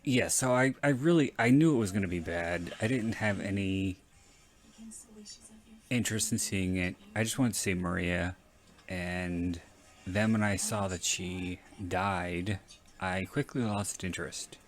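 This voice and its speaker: Man, unhurried delivery, casual movie commentary, rambling, blunt, self-correcting. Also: deep voice. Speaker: podcast host.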